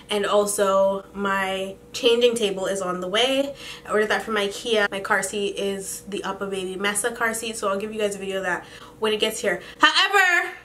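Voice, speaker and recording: A woman's voice: a little high, bright, forceful tone, slight background noise. A young woman chatting candidly to her camera as a vlogger, talkative and swearing casually. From Canada. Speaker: beauty vlogger.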